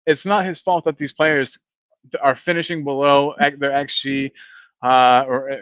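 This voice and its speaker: A man's voice: mid-range voice, steady tone, moderate pace, fairly bright tone, clear, resonant tone, dry recording. A man hosting a casual fan stream, rambling and reading viewer comments aloud. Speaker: podcast host reading live chat. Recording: dry, dull lo-fi mic sound.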